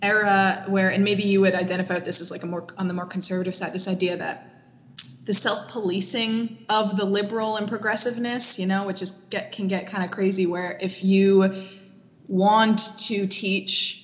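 A woman's voice: medium pitch, level tone, moderate pace, slight background noise. A woman in a casual discussion, thinking aloud in long run-on sentences full of "like". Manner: thoughtful, talks in long run-on sentences with many "like"s. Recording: long hall reverb.

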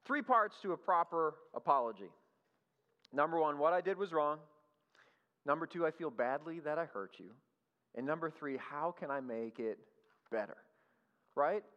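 A male pastor giving a conversational sermon, animated and asking the congregation questions. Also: fairly high pitch. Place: church hall. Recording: dull lo-fi sound with long hall reverb.

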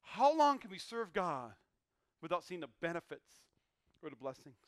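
Male pastor, sermon delivery: high, clear, crisp voice, emphatic and repetitive, dry close sound. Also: sing-song, moderate pace, dry recording. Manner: emphatic preaching with repeated lines and sudden loud bursts.

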